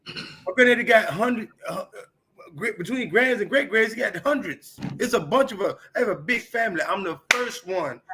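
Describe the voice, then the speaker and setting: A man in his fifties from Chicago, speaking with a high, bright voice. He tells stories from his childhood in a lively, swearing, emphatic manner and keeps pressing each point hard. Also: normal speed, a little hiss or hum. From Chicago, United States. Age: 50s. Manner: animated, profane, emphatic. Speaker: comedian guest. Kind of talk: candid storytelling.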